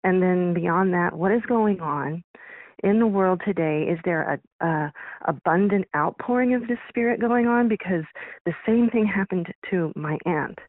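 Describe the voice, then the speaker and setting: A woman's voice: fairly low pitch, moderate pace, no echo. A woman calling into a radio program with a thoughtful, slightly hesitant question. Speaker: caller. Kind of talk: phone-in question. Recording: tinny phone line.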